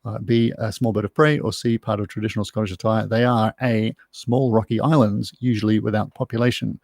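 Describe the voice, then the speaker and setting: A man's voice: on the low side, little pitch movement, a little fast, gravelly, a little mellow, no room sound, studio quality. A man hosting a live online pub quiz from home, chatty and rambling with self-mocking asides. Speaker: quiz host. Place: room at home.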